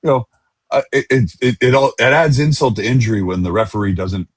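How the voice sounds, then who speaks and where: A man co-hosting a football podcast in casual chat, talking haltingly with frequent restarts and repeated words. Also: medium pitch, steady tone, slightly rough, dry recording. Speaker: podcast co-host.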